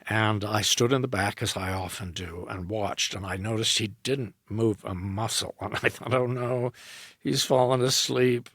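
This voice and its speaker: A man with a low, gravelly and somewhat husky voice tells a story in a podcast interview. He animates the anecdote by voicing both people in the conversation. The recording is dry, with no room sound. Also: moderate pace, dry recording. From United States. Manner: animated anecdote, acting out both sides of a dialogue. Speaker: guest, opera director and tenor.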